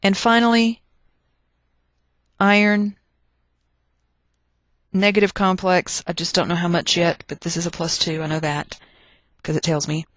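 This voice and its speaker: Chatty chemistry teacher thinking aloud. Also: female voice, lowish voice, flat delivery, a little slow, pauses often, fairly bright tone, no room sound. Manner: chatty, thinks aloud while working problems. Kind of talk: recorded chemistry lecture.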